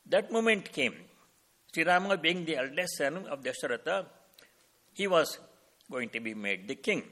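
A man giving a devotional discourse as a spiritual teacher, telling a sacred story slowly and calmly and explaining Sanskrit terms as he goes. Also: on the high side.

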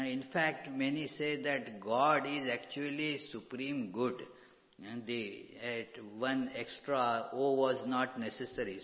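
Slow, measured male spiritual teacher. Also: medium pitch. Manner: slow, measured, with frequent pauses and fillers. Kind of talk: scripture lecture. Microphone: microphone. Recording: dull hall recording with long reverb.

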